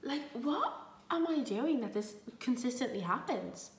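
A young woman with a soft Dublin lilt chats away while she cooks, rambling and teasing herself, with the odd swear word. Her voice sits a little high. She sounds a few steps back from the camera, and the kitchen gives it a noticeable echo. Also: lively intonation, unhurried, distant mic. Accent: Dublin Irish, light. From Ireland, Dublin. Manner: chatty, rambling, self-mocking, swears freely. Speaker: vlogger. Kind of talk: casual chatty vlog while cooking. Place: home kitchen, indoors. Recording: echoey kitchen, voice a little off-mic.

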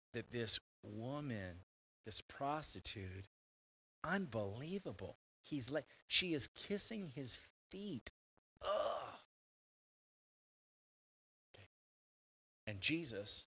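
A male pastor preaching a sermon in a church, animated and conversational, full of rhetorical questions and quick restarts. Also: medium pitch, husky, rough recording. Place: church sanctuary.

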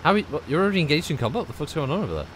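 Animated man bantering over a noisy game. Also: on the high side, racing. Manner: jokey, laughs often, chatty banter. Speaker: gaming streamer. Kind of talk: casual chat while gaming.

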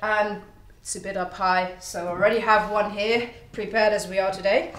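A woman's voice: mid-range voice, fairly even intonation, normal speed, fairly bright tone, echoey room, low-quality recording. A woman guiding a tasting tour in a distillery museum, explaining its history and listing flavours in a storytelling way. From Netherlands. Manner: explanatory, storytelling, lists products.

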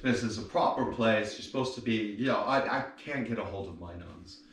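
A man's voice: fairly low pitch, fairly quick, fairly bright tone, lightly acted. A man voicing a shocked, scolding priest who sputters and lectures in a jokey story. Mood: flustered scolding. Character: flustered scolding male priest, middle-aged. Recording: roomy, distant mic, faint hiss.

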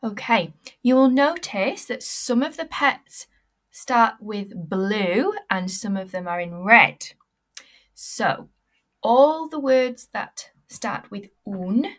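A woman teacher giving a recorded language lesson, modelling words slowly and clearly for pupils to repeat. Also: medium pitch, a bit bright.

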